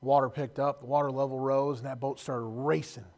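Male preacher, middle pitch, emotional storyteller who swings between loud and hushed. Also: flat delivery, a little fast. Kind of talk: sermon.

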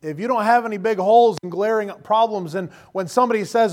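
A man's voice: high voice, fairly quick. A man preaching a sermon in a folksy, joking way, acting out quoted voices. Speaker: pastor.

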